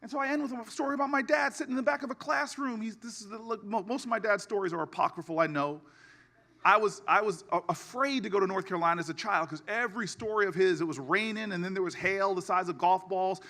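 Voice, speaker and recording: A man giving a keynote speech with a humorous storytelling streak, building to a rousing finish with shouted repetition. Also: high voice, quick pace. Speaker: keynote speaker.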